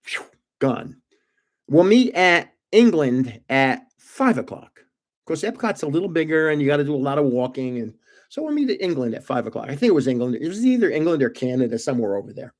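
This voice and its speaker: Here the older card-stream host rattles off rambling family stories quickly, chuckling along casually. The voice is mid-range and a little mellow, with big pitch swings.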